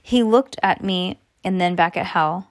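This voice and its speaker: A woman narrates a first-person story in a steady, earnest tone. Her voice sits on the low side. The recording is close and completely dry. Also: unhurried, no room sound. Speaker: audiobook narrator.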